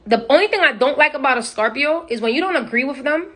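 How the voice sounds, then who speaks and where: A woman's voice: high voice, lively intonation, fast talker, fairly bright tone. A young woman chatting bluntly and with profanity on a phone livestream. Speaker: social media personality. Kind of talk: casual livestream chat. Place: indoors, on a live stream.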